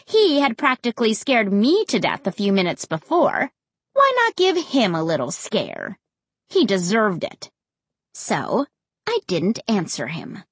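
A woman reading a first-person storybook aloud in an expressive, dramatic way. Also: medium pitch, unhurried, breathy edge, dry recording. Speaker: audiobook narrator.

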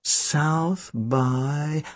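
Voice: mid-range voice, extremely slow, dry recording. A reader voicing Tim, a hapless adult man detective who keeps asking puzzled questions, in a storybook reading.

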